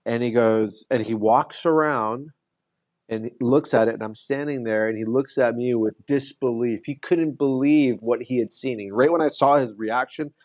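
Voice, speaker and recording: A man at a mid pitch, a podcast guest speaking in relaxed conversation. He tells his story earnestly and keeps restarting phrases. His voice is close and dry, with no room sound. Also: normal speed, no room sound. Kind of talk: casual conversation.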